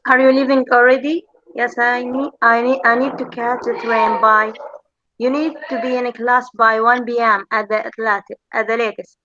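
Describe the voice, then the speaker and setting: A woman's voice: on the high side, level tone, normal speed, sharp tone, dry recording. A woman student answering in class, hesitant and searching for words, on a dull lo-fi recording.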